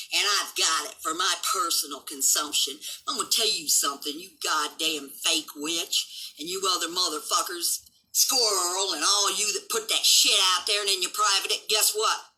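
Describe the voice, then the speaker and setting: A woman of seventy hosting a livestream, delivering an angry, combative rant full of swearing and occasional shouting. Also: lowish voice, moderate pace, poor audio. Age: 70s. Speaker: livestream host.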